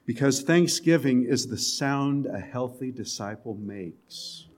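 A man's voice: medium pitch, expressive, takes it slowly. Man preaching a conversational sermon. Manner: conversational preaching, drops to soft emphatic lines, occasional chuckles. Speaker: pastor.

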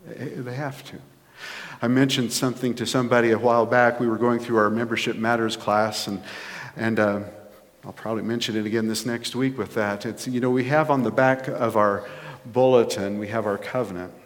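A man's voice: mid-range voice, fairly even intonation, normal speed. A man preaching a conversational sermon as pastor, rising to emphatic points. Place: church sanctuary. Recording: long reverb of a church hall.

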